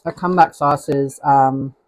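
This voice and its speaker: A man's voice: mid-range voice, fairly even intonation, normal speed. A man hosting a live cooking stream, chatting casually and rambling as he tastes the food. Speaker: cooking show host.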